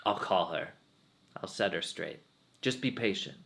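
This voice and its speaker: A man imitating his gentle, calm spiritual teacher, speaking in a soft, hushed and reassuring way. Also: low voice, unhurried, vocal fry, exaggerated voice. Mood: soothing.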